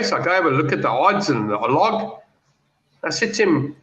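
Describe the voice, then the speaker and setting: A betting pundit on a video call shares confident views and tells stories in a casual panel chat, sounding animated. His voice is a little high and fairly quick. The call audio is roomy, dull and lo-fi.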